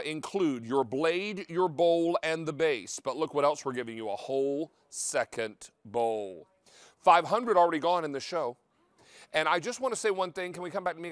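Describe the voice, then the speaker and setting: A man's voice: on the high side, a bit bright, no room sound. A man hosting a live home-shopping show, giving chatty, upbeat selling patter about a kitchen appliance. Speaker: TV shopping host.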